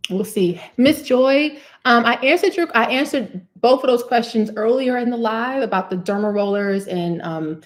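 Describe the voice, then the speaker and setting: A young woman, a cosmetic chemist, chatting casually on a livestream Q&A, reading out comments, repeating herself and laughing often. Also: medium pitch. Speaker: cosmetic chemist hosting a live Q&A.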